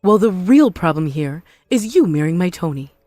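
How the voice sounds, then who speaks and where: A woman voicing a spiteful, possessive mother-in-law in an animated story, scornful and melodramatic. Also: fairly low pitch, normal speed, no room sound, soft background music. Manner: scornful, melodramatic, self-pitying.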